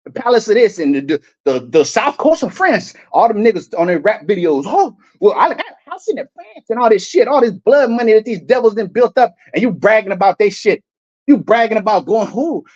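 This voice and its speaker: A man's voice: very high-pitched, highs cut off. A man preaching fiercely over video clips, swearing freely and often stumbling over repeated words. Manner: heated, profane, repeats and restarts words. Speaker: street preacher.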